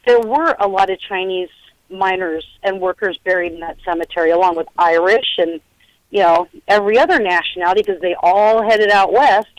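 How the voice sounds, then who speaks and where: A woman's voice: mid-range voice, brisk, dry recording. Chatty middle-aged woman on a phone line. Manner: chatty, animated storyteller acting out quotes. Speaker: paranormal investigator guest. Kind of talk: casual storytelling interview.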